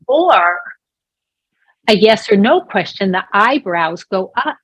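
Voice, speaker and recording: A woman's voice: mid-range voice, animated, takes it slowly, breathy edge. Woman, voice interpreter, explanatory and conversational, small restarts, dry close sound, no room echo. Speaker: voice interpreter for a deaf presenter. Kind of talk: interpreting a sign-language lesson.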